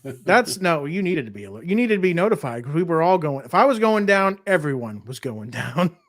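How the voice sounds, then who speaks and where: A man's voice: on the high side, big pitch swings, fairly quick, a bit bright, dry recording, clean studio sound. A man co-hosting a podcast in casual, candid chat, swearing freely. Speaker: podcast co-host.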